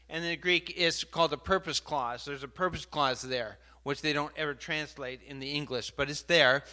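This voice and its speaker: A man preaching a sermon, animated and building to emphatic outbursts, stopping now and then to sort out his slides. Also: fairly high pitch. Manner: pauses mid-talk to sort out slides.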